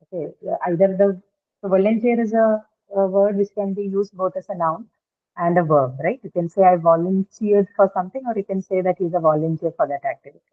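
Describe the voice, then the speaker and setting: A woman's voice: medium pitch, steady tone, a little fast. A woman teaching English pronunciation, explaining step by step and checking with her students as she goes. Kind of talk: online pronunciation lesson. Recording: tinny phone-like line.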